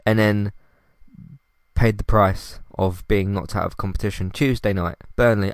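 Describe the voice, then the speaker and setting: A man's voice: lowish voice, moderate pace, vocal fry, no room sound, studio quality. A man hosting a casual solo podcast, rambling and exasperated, sighing and restarting his sentences. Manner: frustrated, rambling, many restarts and sighs. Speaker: podcast host.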